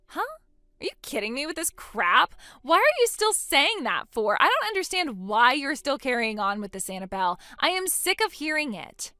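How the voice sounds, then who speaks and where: A woman's voice: high voice, sing-song, normal speed, sharp tone, no room sound, studio quality, full character voice. A woman voicing a selfish young mother who dismisses her own baby, in scripted dialogue. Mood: scornful. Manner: scornful, dismissive, sneering. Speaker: voice actor in a text-story drama.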